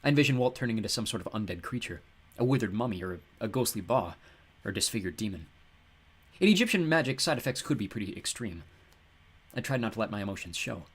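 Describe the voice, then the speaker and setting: Expressive man narrating an audiobook. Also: lowish voice, fast talker, slightly rough. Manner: wry, expressive. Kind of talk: first-person audiobook narration.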